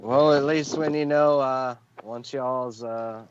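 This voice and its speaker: A man on a casual podcast over a video call, laid-back and easily excited, calling everyone dude. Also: mid-range voice, slow pace, highs cut off, a crowd in the background. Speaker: podcast co-host. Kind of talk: casual chat.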